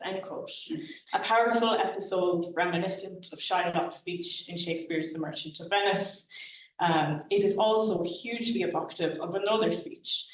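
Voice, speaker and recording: A woman academic with a voice on the low side reads a prepared paper at a conference in a lecture hall. Her delivery is formal and measured, and she marks quotations aloud. The mic is distant, and the hall is very echoey.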